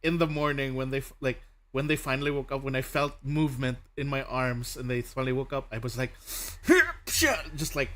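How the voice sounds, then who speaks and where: A young man hosts a relaxed stream, telling stories while drawing. His voice is bright and forward, and he laughs often and acts out the lines he quotes. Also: medium pitch, moderate pace. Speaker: streamer host. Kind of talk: casual chat while drawing.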